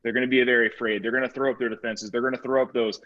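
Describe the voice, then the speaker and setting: Energetic man telling sales-training stories. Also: mid-range voice, very fast. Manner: animated, energetic storytelling. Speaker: real estate sales trainer. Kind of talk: motivational training talk with anecdotes. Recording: slightly muffled recording.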